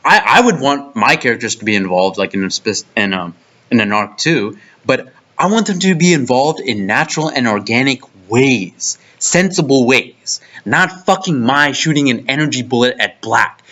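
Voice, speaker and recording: A man's voice: medium pitch, expressive, moderate pace, bright, forceful tone. A young man reviewing an anime arc in a profane, exasperated rant full of restarts. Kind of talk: ranting video review. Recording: dull lo-fi mic.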